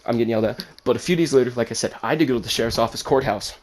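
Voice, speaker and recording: Animated man telling a wild story. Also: mid-range voice, racing. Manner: animated, swears, acts out quotes. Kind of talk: casual storytime.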